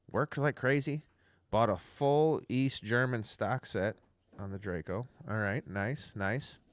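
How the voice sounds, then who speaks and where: A young man with a low voice rambles through a casual livestream rant, chatty and profane. He is recorded close and dry, with no room sound. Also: no room sound. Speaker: livestream host.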